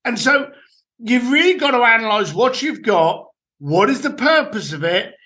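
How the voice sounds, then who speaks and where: A man, a guest on a podcast, giving blunt, animated business advice with casual swearing. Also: very high-pitched, normal speed. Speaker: guest, entrepreneur and author. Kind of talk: podcast interview, storytelling advice.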